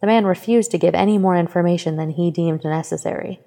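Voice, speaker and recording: A woman narrating a fan fiction story in a steady, even reading voice. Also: fairly low pitch, fast talker, in a large hall. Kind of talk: scripted narration.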